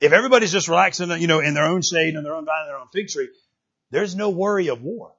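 Guy preaching, chatty and lively, kinda husky high voice, lo-fi sound. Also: fast. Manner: animated, conversational preaching with repeated restarts. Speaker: pastor. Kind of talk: sermon.

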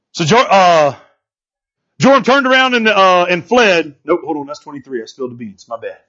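A man's voice: high-pitched, animated, a little fast, bright, forceful tone. A man preaching through a Bible passage, retelling the story in slangy, joking asides. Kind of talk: casual sermon storytelling. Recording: dull lo-fi recording.

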